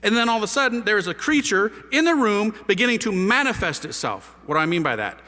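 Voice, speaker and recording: A priest telling his conversion story to an audience, a lively storyteller using casual slang and rhetorical questions. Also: high voice, fast. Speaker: priest giving a conversion testimony. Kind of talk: animated testimony talk to an audience. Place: large hall with a live audience. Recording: reverberant hall.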